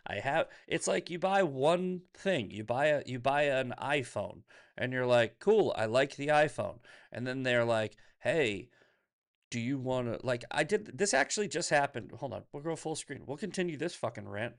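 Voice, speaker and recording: A man's voice: mid-range voice, lively intonation, moderate pace, gravelly. A man hosting a livestream, ranting casually and profanely, laughing often and reading viewer comments aloud. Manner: reads chat comments aloud. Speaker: livestream host.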